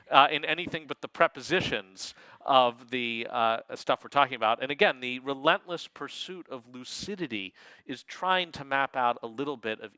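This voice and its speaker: A man lecturing in a wry, digressive manner, tossing in quick asides. His voice is bright and crisp, sitting a little high, and the sound is close and dry. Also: no echo, low-quality recording. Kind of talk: lecture talk.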